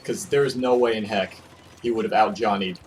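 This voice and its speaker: A man co-hosting a gaming livestream, chatting casually and teasing his co-host in an animated, joking way. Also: fairly low pitch, moderate pace, soft background music. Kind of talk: casual chat.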